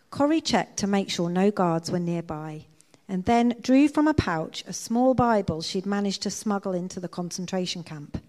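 A woman reading a book extract aloud to a church congregation in a measured storytelling way. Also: on the low side, animated, a little mellow. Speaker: scripture reader. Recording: long church reverb.

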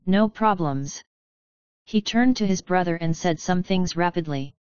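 Woman, audiobook narration, calm, measured, smooth voice, dry sound. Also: on the low side, dry recording, highs cut off. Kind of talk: scripted narration.

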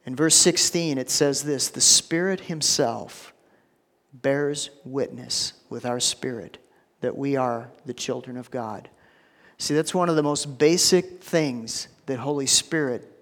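A man's voice: mid-range voice, slow, a bit bright, big-room sound. A man preaching a sermon in a casual, conversational way, often repeating words and saying "you know.". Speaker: pastor.

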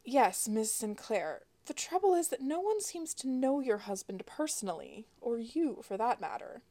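A woman's voice: on the high side, very animated, normal speed, warm tone. Storybook commander: man, cool, polite, unreadable, voiced by a woman. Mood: coolly polite. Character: calm, blank-faced male fleet commander.

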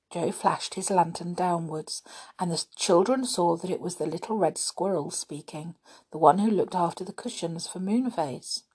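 A woman reading a children's story aloud in an expressive way. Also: on the low side, normal speed, slightly rough.

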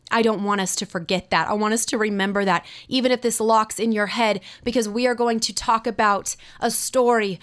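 A woman's voice: a little high, fairly bright tone, clean tone. Dramatic storytelling woman preacher. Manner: dramatic storyteller, drawn-out pauses for suspense. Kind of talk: sermon with a personal story.

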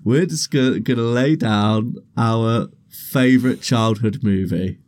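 A man's voice: mid-range voice, slow pace, darkish tone. A young man, co-hosting a podcast and telling a laughing, swearing anecdote. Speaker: podcast co-host. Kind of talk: casual chat, storytelling.

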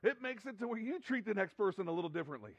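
Earnest high-voiced male pastor preaching. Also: big pitch swings, very fast, husky, no echo, dull audio. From United States. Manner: earnest and conversational, with frequent repetitions and restarts. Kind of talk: sermon.

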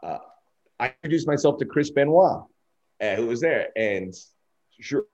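On a podcast, a middle-aged sports broadcaster gives a candid interview, telling anecdotes and acting out the dialogue he quotes. His mid-range voice is darkish with lively intonation at a moderate pace, and the lo-fi audio sounds dull.

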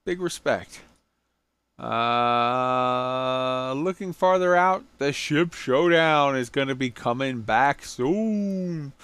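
A man's voice: medium pitch, very slow, fairly bright tone, clean tone, no room sound. A man hosting a casual gaming podcast, tired and jokey, swearing freely as he runs through the week's news. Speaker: podcast host.

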